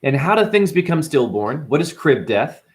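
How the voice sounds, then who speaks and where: A man hosting a casual spiritual monologue, animated and profane, full of rhetorical questions. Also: fairly high pitch, moderate pace. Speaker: host.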